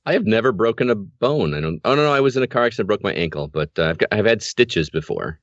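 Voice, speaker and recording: A man in relaxed casual chat, telling a story and laughing as he goes. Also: lowish voice, quick pace, no echo. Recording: dry muffled sound.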